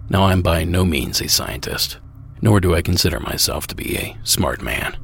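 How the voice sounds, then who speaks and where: A man hosting a podcast, reading scripted narration in a measured, musing way. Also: low-pitched, expressive, gravelly, fairly bright tone, husky. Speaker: podcast host.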